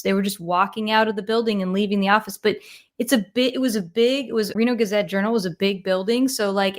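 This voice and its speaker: A woman who is a guest on a casual podcast interview, upbeat and candid, laughing often as she talks. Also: medium pitch.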